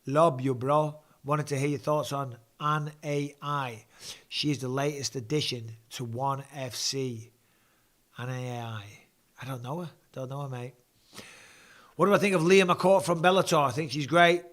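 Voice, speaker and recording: A man's voice: mid-range voice, steady tone, unhurried, fairly bright tone. A man in his forties with an English accent, casually commentating a fight and chatting with viewers on a home live stream, swearing freely. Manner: blokey, swears casually, reads viewer questions. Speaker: host.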